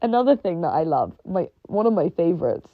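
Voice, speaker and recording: A young woman with a lowish voice rants casually, rambling through fillers and swearing with sarcastic bite. The recording is dull and lo-fi, with a dry, close sound and no room echo. She talks like she is venting straight to her audience. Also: very animated, fairly quick. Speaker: online personality. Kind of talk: casual rant monologue.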